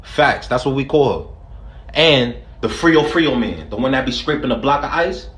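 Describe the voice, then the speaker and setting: A man's voice: mid-range voice, animated, normal speed, a bit bright, roomy sound, slight background noise. A young man from the Bronx with a New York accent, hosting a joking vlog full of street slang. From New York City, the Bronx. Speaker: vlogger host. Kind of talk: comedic vlog skits.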